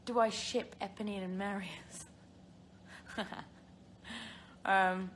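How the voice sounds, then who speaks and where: A young woman with a British accent speaks slowly in a fairly bright, mid-range voice, pausing often. She hosts a live stream from her phone, answering viewer questions with casual rambling, fillers, and giggles.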